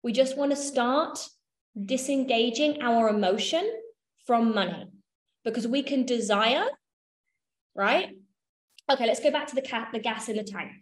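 A woman's voice: on the high side, measured pace, long pauses. Chatty woman teaching in an echoey room. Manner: chatty, swears casually, checks in with listeners. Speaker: workshop leader. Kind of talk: casual teaching talk.

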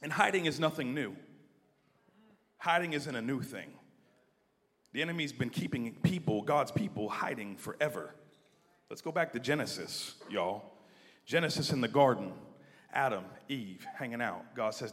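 A man preaching a sermon, shifting from quiet asides to loud emphasis and leading the congregation to repeat lines after him. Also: medium pitch, moderate pace. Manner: building from quiet asides to near-shouted emphasis; leads the congregation in call-and-response. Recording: long hall reverb.

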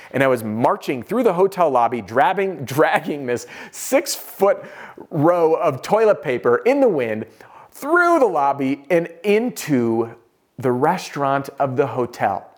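A man teaching sales, telling a self-deprecating story in an animated, conversational way. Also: on the high side. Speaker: sales trainer.

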